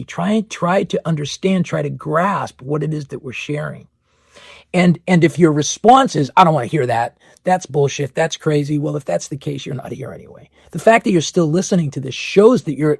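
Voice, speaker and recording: A man hosts a spiritual podcast monologue, firing off rhetorical questions and circling back to the same phrases. His voice sits high and has a gravelly edge. The sound is dry and close. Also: normal speed, no room sound. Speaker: podcast host.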